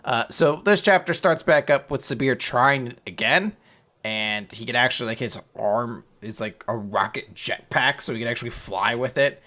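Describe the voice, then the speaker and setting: A man casually recapping a comic chapter, swearing freely and slipping into quick silly voices for the characters. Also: medium pitch, bright, forceful tone. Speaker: podcast co-host recapping manga. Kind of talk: casual chat.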